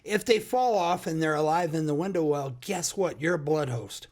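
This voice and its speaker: A man's voice: fairly high pitch, lively intonation, a little mellow. A man with an American accent co-hosting a casual podcast, folksy and emphatic, drawing out his words. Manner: folksy, drawn-out emphatic delivery. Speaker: podcast co-host. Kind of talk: casual chat.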